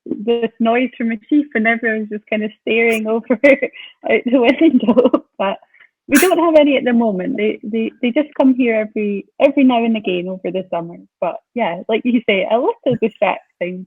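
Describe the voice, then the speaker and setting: A woman's voice: on the high side, moderate pace, slightly rough. A woman hosting a casual interview over a video call, with many short backchannels. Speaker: host. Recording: dull lo-fi video call audio.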